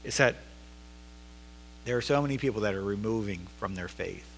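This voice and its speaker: A man preaching a sermon as pastor in a church, emphatic, building to loud insistent repetition. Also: fairly low pitch, normal speed, creaky, a little hiss or hum. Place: church sanctuary. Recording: long reverb of a large hall.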